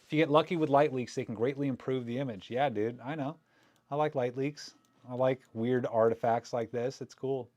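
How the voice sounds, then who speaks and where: While scanning film, a male photography vlogger gives casual live commentary, chatty and joking as he thinks out loud. His medium-pitched voice is a little mellow, moves at a moderate pace, and carries no room sound.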